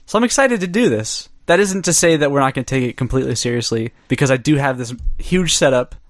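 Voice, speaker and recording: A man's voice: medium pitch, lively intonation, fast, no room sound. A man co-hosting a comedy podcast, chatting casually and steering the topic with jokes. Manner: jokey, leads the topic. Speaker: podcast co-host. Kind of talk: casual chat.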